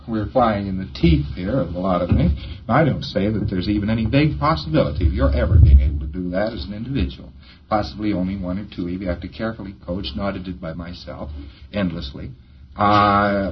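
Man giving a rambling taped lecture. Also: lowish voice. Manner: rambling, chuckles at his own jokes. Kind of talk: informal recorded lecture. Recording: dull lo-fi lecture tape with faint hiss.

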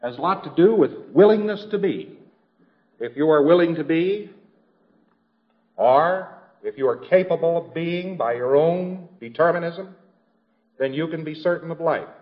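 Guy giving a talk, kinda high voice, chatty and wry, muffled old tape sound. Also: lively intonation, normal speed, pauses often. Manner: conversational, wry storytelling with acted quotes. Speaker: lecturer. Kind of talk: informal lecture.

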